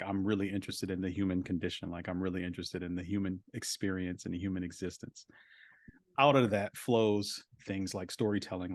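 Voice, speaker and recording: A man's voice: low voice, no room sound, studio quality. A man, a voice actor guest, talking over a video call in a casual interview, reflective and full of filler words.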